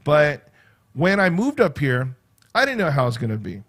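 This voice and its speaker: A man's voice: a little high, sing-song, moderate pace, a bit bright. A man hosting a casual livestream from a room in his home, rambling and chatty, tagging "right?" onto his sentences. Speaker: livestream host. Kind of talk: casual live chat.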